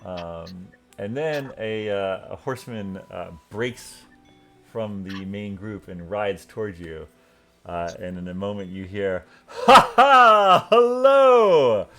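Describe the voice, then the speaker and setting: Low-voiced man narrating as game master. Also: faint music behind. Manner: relaxed, halting with fillers.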